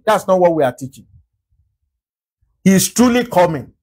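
A man's voice: high-pitched, expressive, moderate pace, long pauses, a little mellow, low-quality recording. A man with a Nigerian English accent preaching a sermon as pastor, repeating phrases and firing rhetorical questions. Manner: emphatic rhetorical questions, repetition.

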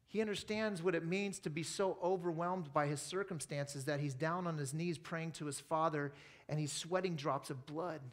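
At a weekend church service, an American-accented pastor with a fairly high male voice preaches a sermon. He's earnest and conversational, blending scripture with family stories and playful asides.

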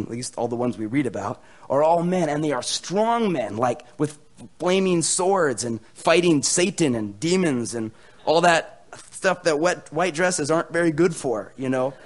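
A young American man preaching a sermon, joking with the crowd, swinging between loud proclamations and hushed near-whispers. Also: a little high, expressive, normal speed. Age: young adult. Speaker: pastor. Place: church hall with a live audience.

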